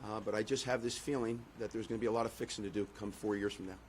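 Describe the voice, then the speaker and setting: A man's voice: on the low side, steady tone, racing, slight background noise. A man, a political candidate, giving a concession speech and then answering press questions, driving points home with repeated phrases. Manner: rhetorical, repeats phrases for emphasis.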